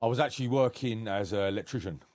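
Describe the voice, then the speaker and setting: An English man in his thirties speaks in a fairly low voice on a podcast. His talk is blunt and candid, full of swearing and quick laughs. The sound is dry and close, with no room around it. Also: darkish tone, dry recording. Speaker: podcast guest. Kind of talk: casual podcast conversation.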